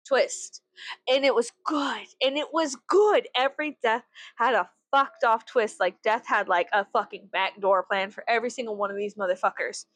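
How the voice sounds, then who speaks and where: A woman's voice: mid-range voice, fairly bright tone, no room sound. A young adult woman from the United States vlogging in a casual, rambling way, swearing freely and leaning on "like" as filler. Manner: rambling, profane, filler-heavy with frequent "like". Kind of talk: casual chat to camera.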